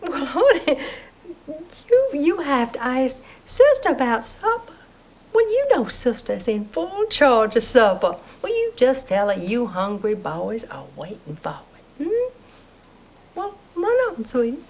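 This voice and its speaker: A woman's voice: high voice, very animated, unhurried, a little mellow, full character voice, poor audio. A gushing Southern mother. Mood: chatty. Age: middle-aged.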